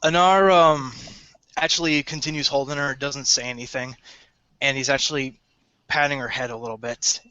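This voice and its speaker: A man narrating a tabletop game as game master in a descriptive, halting way. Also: medium pitch, fairly even intonation, sharp tone, clear, resonant tone, no room sound, muffled recording.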